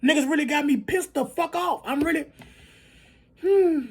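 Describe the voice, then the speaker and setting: A high-pitched speaker on a heated, profanity-laced rant to camera. The voice jumps from near-shouts down to low mutters, stops for apologetic asides, and keeps tagging lines with "you heard me". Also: moderate pace. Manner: profane, fired up, swings between shouting and muttering; repeats tags like "you heard me" and "you feel me". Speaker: video creator. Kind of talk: heated spoken rant to viewers.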